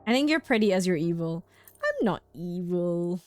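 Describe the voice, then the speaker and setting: A woman's voice: fairly low pitch, big pitch swings, moderate pace, faint music behind. Giggly young woman streamer. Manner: giggly, playful, reacting to chat. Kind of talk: casual live-stream chat.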